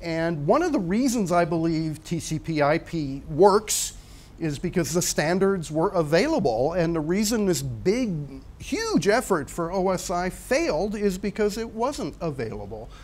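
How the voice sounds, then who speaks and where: A man in his sixties, speaking at a talk in a fairly high voice. He tells anecdotes loosely and conversationally, with plenty of ums and uhs. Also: sing-song, measured pace, darkish tone. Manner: anecdotal, conversational with frequent fillers. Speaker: guest speaker. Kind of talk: storytelling talk.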